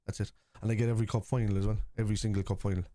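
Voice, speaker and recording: Rapid-fire and dark-toned, the watchalong host's low voice shows little pitch movement as he bluntly answers viewers in live stream chat during a football match, swearing plenty.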